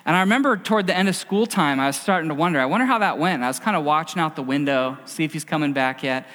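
In a hall with long reverb, a middle-aged pastor delivers a sermon in a chatty, storytelling style, performing the quotes he cites. His voice is fairly high-pitched and fairly bright, and he speaks rapid-fire.

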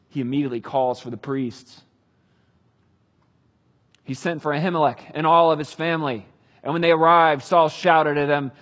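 A man retelling a Bible story with casual, animated commentary. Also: fairly high pitch, moderate pace, long pauses. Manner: animated, conversational. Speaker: Bible teacher.

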